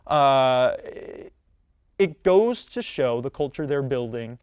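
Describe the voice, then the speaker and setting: A man in his twenties hosting a solo sports talk show, casual and animated, with frequent fillers and restarts. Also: medium pitch, slow, clear, resonant tone, no room sound, clean studio sound. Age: 20s. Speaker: podcast host; college student.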